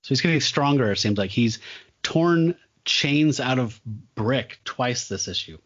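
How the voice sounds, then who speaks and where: A man's voice: mid-range voice, lively intonation, unhurried, a bit bright, lo-fi sound. A man co-hosting a comic book podcast, recapping panels with rambling enthusiasm. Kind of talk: casual chat.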